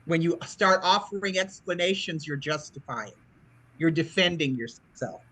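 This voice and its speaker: A woman's voice: deep voice, moderate pace, fairly bright tone. A woman around sixty giving a motivational talk over a video call as presenter, emphatic and preacherly, repeating her points.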